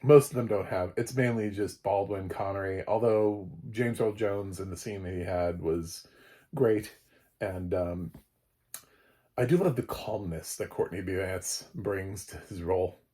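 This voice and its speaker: Rambling low-voiced man reviewing films. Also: unhurried, mellow. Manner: rambling, many fillers and restarts; chuckles between thoughts. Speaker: film critic. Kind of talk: casual film review.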